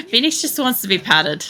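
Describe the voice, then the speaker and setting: A woman's voice: fairly high pitch, sharp tone, breathy edge. A woman chatting casually and swearing freely while streaming a game. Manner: rambling and sweary, lots of fillers. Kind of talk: casual chat while gaming.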